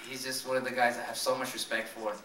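A man's voice: mid-range voice, little pitch movement, quick pace, pushed and bright. A man, a professional boxer, talking earnestly in a post-fight interview, often restarting his sentences. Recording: roomy and noisy from far off.

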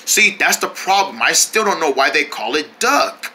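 A performer voicing a slow, confused buddy in a deep put-on voice who takes everything literally. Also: sing-song, background noise, close to an everyday voice. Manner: puzzled, literal-minded.

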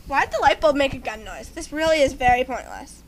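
A woman's voice: sits high, expressive, a little fast, slight background noise. A woman doing a teasing, playful comedic parody dub of an anime scene. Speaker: fan dubber.

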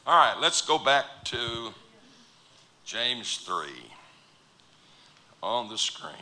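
Man preaching a sermon, lively pitch, bright voice, jokey with loud bursts. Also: drawn-out words, a little hiss or hum. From United States. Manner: lively, joking preacher with sudden loud outbursts and quiet asides. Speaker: pastor. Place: church auditorium.

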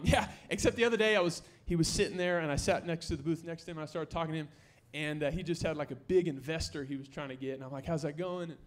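Young pastor, higher male voice, energetic sermon with jokes, loud on the emphasis, church stage mic. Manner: energetic, joking, rising to near-shouts for emphasis. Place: church sanctuary.

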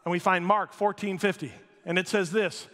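A man preaching a sermon as pastor of a church, telling a story in an animated way and acting out the shouting voices. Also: sits high, normal speed, big-room sound. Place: church sanctuary.

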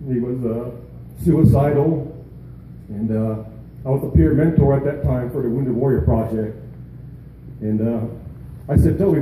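Dark-voiced man giving a halting speech. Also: fairly high pitch, very echoey, recorded from a distance, slight background noise, rough recording. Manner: halting, with pauses and fillers. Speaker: veteran and peer mentor. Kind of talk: emotional speech at a charity event. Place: outdoor event in a canyon.

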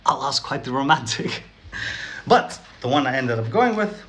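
A man's voice: medium pitch, big pitch swings, moderate pace, a bit bright. A man talking casually to camera in a sarcastic, chatty way, often laughing and asking "right?" between points. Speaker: vlogger. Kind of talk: casual direct-to-camera commentary.

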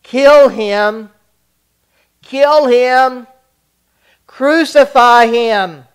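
A church reader voicing a furious crowd of priests in a scripture reading, shouting their lines at raised pitch. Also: very slow, smooth.

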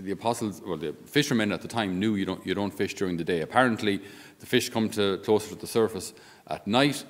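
Irish man, priest, homily, low voice, long church reverb. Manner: conversational, wry asides. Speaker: Catholic priest. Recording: long reverb of a large hall.

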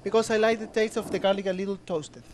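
A woman's voice: mid-range voice, fairly even intonation, quick pace, darkish tone. Woman, cooking instructor, playful, faint kitchen noise. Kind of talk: cooking demonstration.

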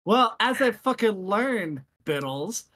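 A woman's voice: medium pitch, animated, takes it slowly, fairly bright tone, no echo, studio quality. A woman in a casual stream chat, pushy and crude in her jokes.

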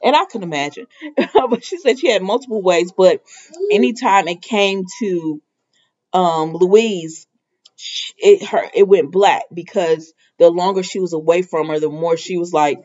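A woman's voice: on the low side, animated, moderate pace, a little mellow. Rambling chatty woman vlogger. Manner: rambling, full of "you know" and "y'all". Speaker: vlogger recapping a soap opera. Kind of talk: casual chatty recap. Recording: dull lo-fi recording.

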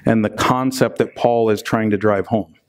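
Conversational pastor with a joking streak. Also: male voice, lowish voice, fairly even intonation, moderate pace, background noise. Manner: conversational, often tags lines with "right?"; playful, jokes between scripture readings. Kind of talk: sermon.

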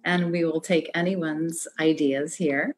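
A woman's voice: deep voice, fairly even intonation, slow pace. A woman leading an online arts workshop, giving encouraging instructions over a video call. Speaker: workshop facilitator.

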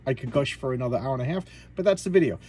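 A man's voice: medium pitch, animated, very fast, mellow, breathy edge. A man casually retelling a comic book story in a vlog, rambling with many fillers and restarts. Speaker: comic book collector vlogger.

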